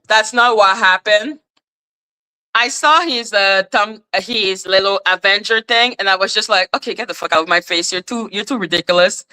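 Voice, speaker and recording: A woman's voice: medium pitch, sharp tone. A woman hosting a commentary stream, reacting to clips with profane, sarcastic mockery. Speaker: commentary channel host. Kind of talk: reaction commentary on a livestream clip.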